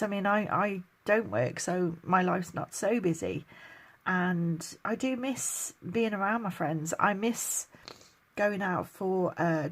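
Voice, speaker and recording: A middle-aged woman from England, chatting casually through a question list, laughing often and getting emotional at times. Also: on the low side. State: tired, chronically ill. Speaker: vlogger. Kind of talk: casual get-to-know-me Q&A.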